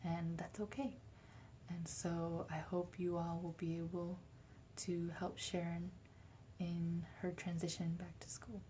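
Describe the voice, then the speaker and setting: A young woman addresses a class in an earnest, gentle manner. Her voice sits low and mellow, with little rise and fall. Faint background noise is heard behind her. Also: flat delivery, unhurried. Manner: gentle and earnest, with some breathy soft stretches. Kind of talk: classroom talk.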